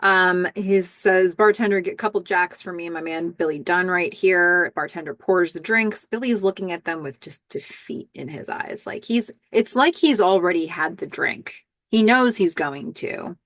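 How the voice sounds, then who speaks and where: A low-voiced woman talks through a TV episode scene by scene, stammering and restarting as she goes. Her quoted lines come out in other voices. The sound is dry and close, with no room behind it. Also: moderate pace, few pauses, fairly bright tone, no echo. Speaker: podcast host. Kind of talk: TV episode recap, casual narration.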